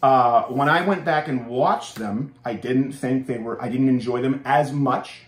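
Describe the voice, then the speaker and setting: A man's voice: medium pitch, a little slow, echoey room. A young man from Canada, hosting his show with an opinionated, sarcastic monologue full of restarts. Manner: animated, sarcastic, with many restarts. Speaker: show host.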